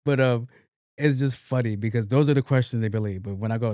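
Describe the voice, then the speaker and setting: A man's voice: mid-range voice, fairly quick, mellow, no echo, clean studio sound. A man in his late thirties, a podcast host, telling a comedic story alone, acting out both sides of the conversation, laughing and swearing casually. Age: 30s.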